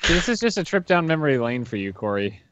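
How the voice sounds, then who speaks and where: A man's voice: medium pitch, big pitch swings, fast, lo-fi sound, very noisy. A man chatting as a friend on a game stream, playful and teasing. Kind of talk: casual gaming chat.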